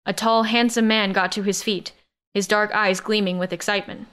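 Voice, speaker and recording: A woman narrating a science-fiction romance audiobook in the first person, with steady, even storytelling. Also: medium pitch, normal speed, clean tone.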